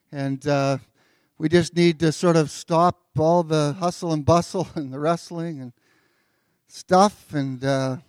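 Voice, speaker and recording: A pastor giving a sermon in a relaxed, conversational way, with filler words and joking asides, as he reads and explains scripture. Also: on the high side, clean tone, no echo, studio quality.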